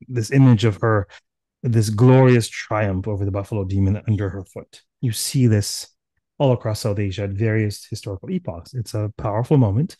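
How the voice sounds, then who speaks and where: A man giving a seminar lecture, retelling a myth in a lively way and acting out the characters' voices with sudden loud bursts. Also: fairly low pitch, dry recording. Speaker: seminar speaker. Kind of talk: animated storytelling lecture. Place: online seminar.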